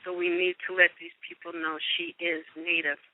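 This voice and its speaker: A woman actress telling stories in a casual interview, animated, acting out quotes and laughing often. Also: fairly low pitch, normal speed, no room sound, phone-quality sound. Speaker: guest actress.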